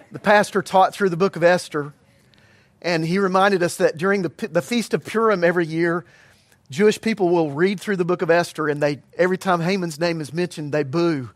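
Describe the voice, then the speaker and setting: A middle-aged man preaching a sermon as pastor, earnest and emphatic with measured pauses. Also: high voice, steady tone, no echo.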